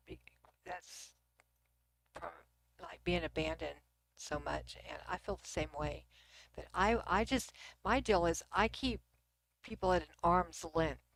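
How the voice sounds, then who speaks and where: A middle-aged woman from Texas with a Texan accent, hosting a casual livestream and chatting with viewers at her computer, sometimes dropping to a near whisper. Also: on the low side. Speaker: livestream host. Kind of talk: casual livestream chat reading comments.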